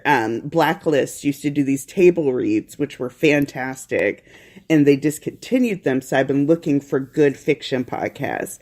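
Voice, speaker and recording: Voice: mid-range voice, darkish tone. A podcast host chatting casually from home while feeling unwell, rambling and laughing often.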